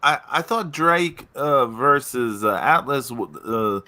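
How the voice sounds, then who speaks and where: A man hosting a casual wrestling podcast, hesitant and full of fillers, trailing off quietly. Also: medium pitch, lively intonation, slow pace. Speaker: podcast host.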